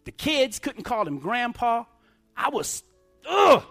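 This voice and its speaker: A middle-aged man preaches his testimony in a high, bright voice. He speaks emphatically and calls for responses from the congregation. Soft music plays faintly under his words. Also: sing-song, a little slow. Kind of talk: sermon testimony.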